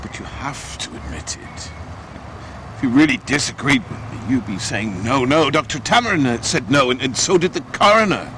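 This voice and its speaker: A man's voice: medium pitch, lively intonation, normal speed, close to an everyday voice. An actor playing a suspicious older man in a 1950s mystery film, talking in a persuasive, condescending way. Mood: conspiratorial. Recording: hissy old VHS film transfer.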